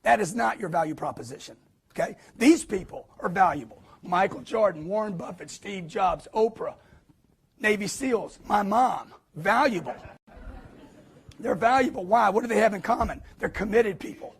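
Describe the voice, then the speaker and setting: A man giving a live motivational sales talk to an audience, emphatic and preachy, with punchy repetition and quick acted-out quotes. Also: sits high, expressive, breathy edge. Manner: acts out quotes in put-on voices.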